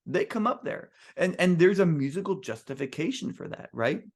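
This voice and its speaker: A man's voice: high-pitched, lively intonation, normal speed. A man who is a composer, giving an earnest, emphatic talk to musicians at a band clinic and restarting his sentences often.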